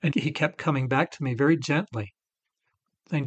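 A man's voice: a little high, moderate pace, breathy edge. A middle-aged man co-hosting a faith-based recovery talk, sharing his personal testimony earnestly. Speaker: recovery podcast co-host.

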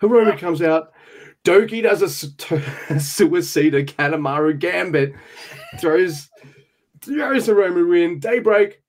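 A man co-hosting a podcast, recapping wrestling in casual chat with quick play-by-play bursts and swearing when surprised. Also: high-pitched, lively intonation. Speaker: podcast co-host.

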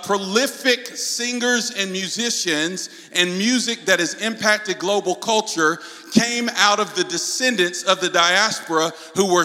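A man from North Carolina with a Southern accent, preaching to a congregation with call-and-response and the odd shout. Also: sits high. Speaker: guest preacher. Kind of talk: preaching talk. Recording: hall reverb.

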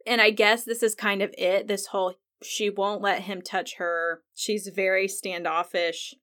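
A woman's voice: mid-range voice, flat delivery, measured pace, fairly bright tone. Chatty woman recapping a TV episode. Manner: chatty, says "like" often, retells scenes with feeling. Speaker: podcast host. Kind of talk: casual TV recap commentary.

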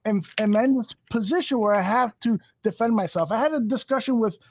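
Fairly quick and high-voiced, another angry podcast host swears his way through a rambling rant, constantly starting over. There's no room sound in the recording.

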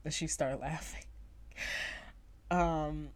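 A young woman with a low voice chats through a story for her podcast. She rambles along, piling up fillers and breaking off to start over, in an easy casual way. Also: fairly even intonation, takes it slowly. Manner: chatty, rambling, many fillers and self-corrections.

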